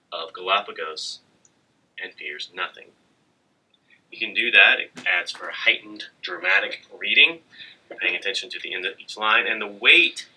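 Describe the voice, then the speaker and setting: Low, bright-voiced man teaching. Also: breathy edge, low-quality recording. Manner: relaxed and halting, many fillers. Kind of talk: recorded slide lecture.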